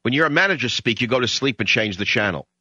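A man with a New York accent hosting a talk radio show, emotional and combative when he gets excited. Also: mid-range voice, fast talker, no echo. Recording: slightly dull lo-fi radio sound.

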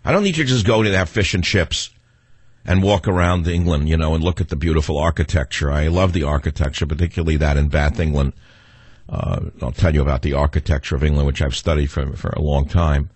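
Man, New York accent, talk radio host, sarcastic rant, gruff husky voice, dead-dry studio sound. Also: very deep voice, fairly quick, no room sound. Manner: combative, sarcastic ranting.

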